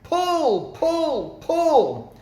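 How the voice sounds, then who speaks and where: A man voicing an excitable male monkey father who shouts orders, in an echoey room. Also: very high-pitched, very slow, voice pushed up, exaggerated voice. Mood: commanding.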